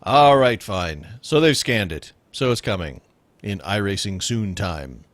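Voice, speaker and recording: A man's voice: lowish voice, lively intonation, a little slow, no room sound. A man hosting a casual radio show, joking and laughing often with rambling asides. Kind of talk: casual comedic podcast chat.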